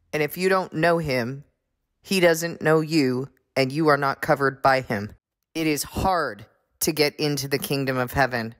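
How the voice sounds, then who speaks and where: Low-voiced woman preaching a stern sermon. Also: no room sound. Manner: forceful rhetorical questions, rising pitch when pressing the point.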